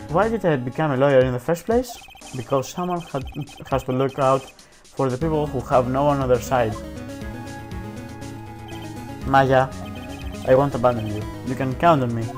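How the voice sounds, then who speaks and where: A man reading a courtroom video game's dialogue aloud, casual and self-mocking, peppering it with "dude" and "like". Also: mid-range voice. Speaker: let's play commentator. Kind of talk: reading game dialogue aloud with jokey asides.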